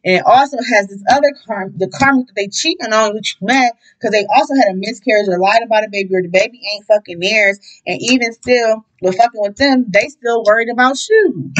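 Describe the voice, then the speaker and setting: High-voiced profane woman reading tarot. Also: a little fast, few pauses, rough recording. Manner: profane, animated, breaks into song. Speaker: tarot reader. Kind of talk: casual tarot reading with singing.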